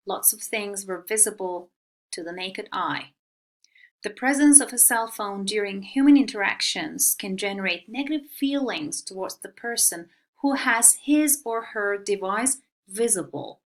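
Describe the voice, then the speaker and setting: Slow, clear-spoken woman teaching vocabulary. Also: mid-range voice. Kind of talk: recorded online vocabulary lesson.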